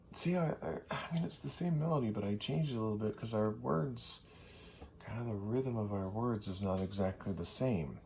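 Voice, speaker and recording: Guy teaching songwriting, talks slow and loose, kinda thinking out loud, a little hiss behind. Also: on the low side. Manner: relaxed, thinking aloud, often clears throat. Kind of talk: casual teaching with sung demonstrations. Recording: faint background noise.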